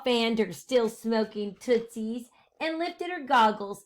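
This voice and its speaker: A woman teacher reading a picture book aloud to her class, animated and full of questions for the children, with hushed asides. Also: a little high, takes it slowly.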